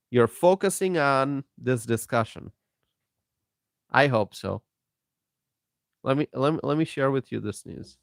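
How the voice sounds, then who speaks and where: Male live-stream commentator, deliberate and emphatic, dry close sound. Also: medium pitch, no room sound. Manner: slow, emphatic, repeats himself, greets viewers by name.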